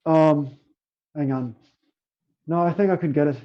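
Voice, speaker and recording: A man's voice: a little high, a little slow, muffled recording. A man playing in a tabletop game, casually chatting, hesitating a lot and swearing offhand. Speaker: player.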